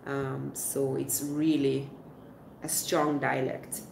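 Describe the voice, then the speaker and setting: A woman's voice: a bass voice, flat delivery, slow pace, vocal fry, background noise. Chatty Swiss woman livestreaming in a roomy space. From Switzerland. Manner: chatty, explains with many fillers and restarts. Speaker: livestream host reading chat. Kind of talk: casual live chat.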